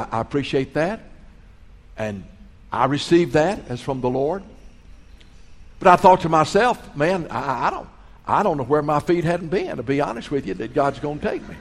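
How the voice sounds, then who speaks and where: A middle-aged man preaching a sermon as pastor, telling his story earnestly and swelling in volume on key phrases. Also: a little high. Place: large hall, school auditorium. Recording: long echo of a large hall.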